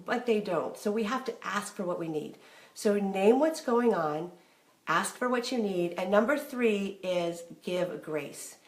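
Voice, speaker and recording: Chatty middle-aged woman, echoey room. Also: medium pitch. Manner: chatty, candid, acts out remembered dialogue. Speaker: marriage advice host. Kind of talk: casual talk to camera.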